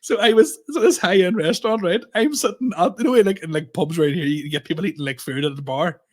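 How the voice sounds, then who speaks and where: Animated man telling stories. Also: sits high, fast talker. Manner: animated storyteller acting out both sides of dialogue, swearing. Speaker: podcast co-host, comedian. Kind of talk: casual chat.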